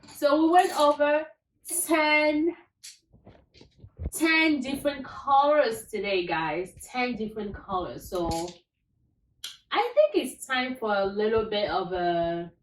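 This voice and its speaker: Slow, cheery woman teaching a lesson. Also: medium pitch, big pitch swings, echoey room, recorded from a distance, a little hiss or hum, rough recording. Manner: upbeat, spells words letter by letter. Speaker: French teacher. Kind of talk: slow spelled-out language lesson.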